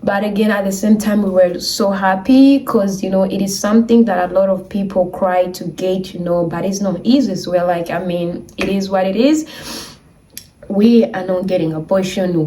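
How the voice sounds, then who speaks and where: A young woman from Africa, telling an emotional storytime vlog, laughing often between slow phrases. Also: mid-range voice, mellow, recorded from a distance, poor audio. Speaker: vlogger.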